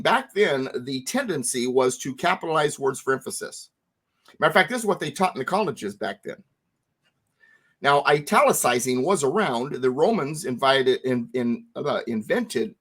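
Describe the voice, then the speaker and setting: A man teaching a founding text to a co-host, emphatic and lively, repeating words for stress. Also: mid-range voice.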